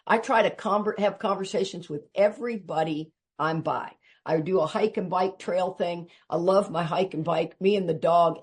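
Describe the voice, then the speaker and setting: An older woman from Texas with a Texan accent, giving an earnest, emphatic personal share at a recovery meeting. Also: darkish tone. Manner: earnest and emphatic, rising in pitch when urging listeners.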